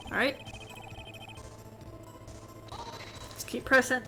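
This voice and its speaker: A woman's voice: a little high, fairly even intonation, a little slow, pauses often, a bit bright, faint music behind. A woman streaming a game playthrough, reading the lawyer's lines and muttering asides as she thinks. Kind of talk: game playthrough with read dialogue.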